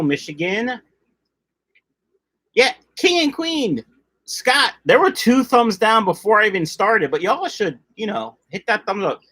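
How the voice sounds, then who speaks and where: A middle-aged fish-keeping streamer with a high-sitting, sharp-toned voice chats casually on his livestream. He reads viewer comments in a joking way and tends to drift off topic.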